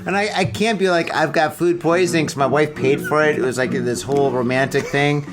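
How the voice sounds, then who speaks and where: A man's voice: a little high, brisk. A man hosting a podcast, chatting casually, joking and swearing freely as he tells stories. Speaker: podcast host. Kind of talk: casual interview chat. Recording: clear guitar music behind.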